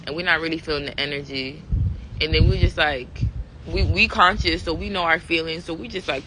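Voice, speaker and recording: A woman's voice: low voice, normal speed, pushed and bright, poor audio. Woman musing aloud over background noise. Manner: conversational, full of fillers and "right?" check-ins. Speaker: vlogger. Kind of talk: casual reflective monologue.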